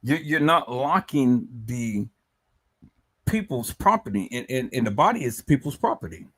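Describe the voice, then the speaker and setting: A man hosting a livestream, talking emotionally and stammering, with words repeated, agitated outbursts and soft trailing off. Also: mid-range voice, sing-song, normal speed, breathy edge, no room sound. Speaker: livestream host.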